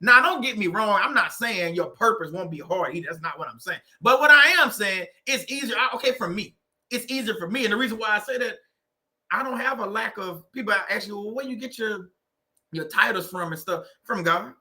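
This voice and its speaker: A man's voice: sits high, lively intonation, brisk, sharp tone. A man hosting a faith-based livestream, talking in a preachy, conversational way and repeating phrases for emphasis. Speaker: host of a faith-based livestream on narcissistic abuse. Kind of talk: live-stream motivational talk.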